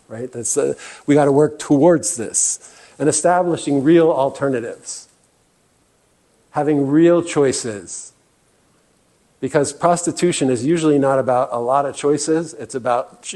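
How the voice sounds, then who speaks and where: A man's voice: medium pitch, dark tone. A man giving a presentation talk as guest speaker, earnest and often restarting with fillers. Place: meeting room.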